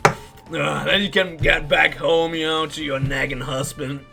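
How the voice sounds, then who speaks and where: A hearty, drawling outback bloke with a thick put-on Australian accent, as a man hams it up between plays. He's jovial and loud, his voice bright and edgy, with faint game music behind. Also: a little high, steady tone, unhurried, gravelly, voice pushed down, heavily acted. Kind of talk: playful character voice during game commentary.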